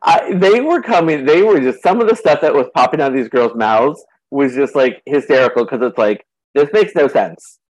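A man's voice: mid-range voice, animated, moderate pace, darkish tone, poor audio. Rambling Southern California man chatting. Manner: rambling, filler-heavy. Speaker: podcast co-host. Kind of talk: casual recap chat.

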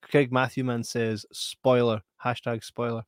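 A man's voice: mid-range voice, flat delivery, unhurried, no room sound, clean studio sound. A man co-hosting a live stream, chatting casually, laughing often and reading out comments. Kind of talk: casual chat.

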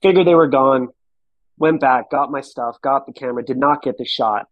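An animated man in his thirties tells a travel story on a podcast. His talk is casual and full of swearing. His voice sits at a middle pitch, and the recording is dry with no room sound. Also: moderate pace, no room sound, lo-fi sound. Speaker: podcast guest.

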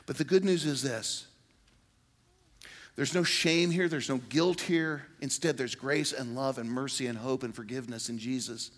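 A man's voice: mid-range voice, steady tone, normal speed, fairly bright tone. An older man preaching a sermon as pastor, earnest and pleading, with sudden emphatic outbursts.

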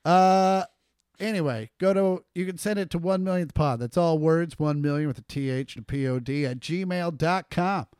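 Man, fairly high voice, podcast co-host, loose profane joking, dry close sound. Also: normal speed, darkish tone, clear, resonant tone, no room sound. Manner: jokey, loose and profane, reading listener mail aloud. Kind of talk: casual podcast chat.

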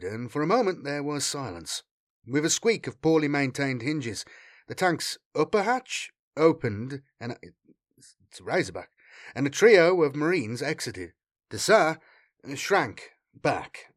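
A man reading a war story aloud in a dramatic, expressive way as an audiobook narrator. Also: medium pitch. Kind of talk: scripted narration.

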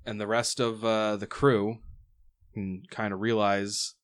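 A man narrates as game master with a somewhat low voice. His delivery is loose and rambling, packed with fillers and quick laughs. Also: level tone.

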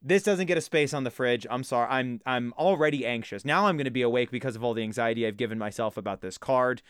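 Man co-host, smooth resonant voice, dry close sound, rambling comic riffs. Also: medium pitch, fast talker, fairly bright tone, no echo. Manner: rambling, mock-earnest jokes. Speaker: podcast co-host. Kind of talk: casual comedic podcast chat.

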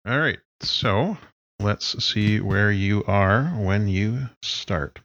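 Low-voiced man running a tabletop game. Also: slow pace, lo-fi sound. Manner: relaxed, explains rules plainly. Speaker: game master.

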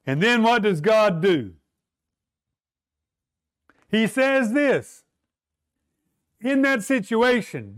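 A man delivers a sermon at an unhurried pace, his voice pitched very high yet smooth and resonant. He leans on rhetorical questions and long pauses, sometimes dropping to a softer, more intimate tone. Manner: slow, emphatic preaching with dramatic pauses and rhetorical questions. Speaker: preacher.

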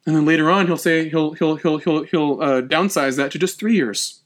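A man giving a history lecture in an animated way, acting out quotes and often restarting his words. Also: a little high, normal speed.

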